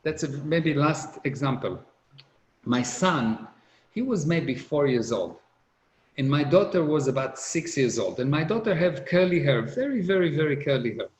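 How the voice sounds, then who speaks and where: A man's voice: a little high, expressive, moderate pace. A middle-aged man giving a motivational seminar talk, earnest and repetitive, speaking English with non-native grammar. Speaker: business speaker. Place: conference hall. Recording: roomy hall echo.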